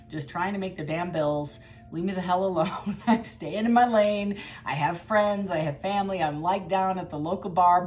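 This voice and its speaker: Chatty, blunt woman with a lowish voice. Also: slight background noise. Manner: chatty and blunt, with mild swearing and frequent laughs. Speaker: tarot reader. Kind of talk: casual tarot reading monologue.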